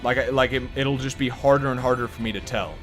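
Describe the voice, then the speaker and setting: Brief: male streamer, middle-pitched, rambling and self-deprecating, sore throat, faint game music underneath. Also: steady tone, fast talker. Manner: rambling, joking, profane, self-deprecating, laughs often. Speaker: gameplay streamer. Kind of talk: casual live gameplay commentary.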